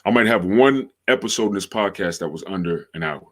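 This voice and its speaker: Man, low deep voice, podcast host, casual livestream talk, slangy, repeats himself. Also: animated, fairly bright tone, slightly rough. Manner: slangy, drawn-out, repeats phrases for emphasis.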